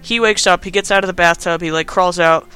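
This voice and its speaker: A man's voice: sits high, fairly even intonation, fairly quick, pushed and bright, clear, resonant tone. A young man hosting a podcast, giving a casual movie recap in a rambling, sarcastic way. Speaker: podcast host.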